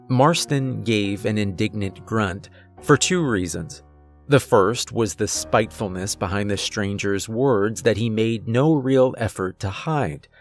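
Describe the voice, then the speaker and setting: A man reading a horror story aloud as narrator, in a measured, deliberate storytelling manner. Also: fairly low pitch.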